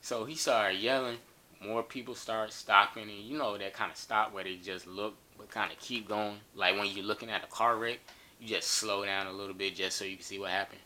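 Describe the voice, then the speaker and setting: A man's voice: fairly low pitch, steady tone, fairly quick, bright, forceful tone. A man telling a funny story in a casual, joking and profane way.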